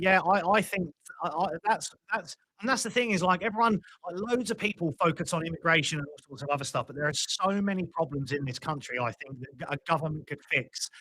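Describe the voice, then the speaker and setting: A young British man ranting through a live stream, his voice bright, forceful and a little high. He swears freely and stumbles over restarts as his thoughts run on. The sound is dry and close. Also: no echo, low-quality recording. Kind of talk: casual political commentary.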